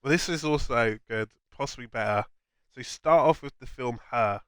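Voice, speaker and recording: A man's voice: medium pitch, normal speed, fairly bright tone, clean tone, no echo. A young man co-hosting a casual film chat, enthusiastically explaining ideas in long chains. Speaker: co-host.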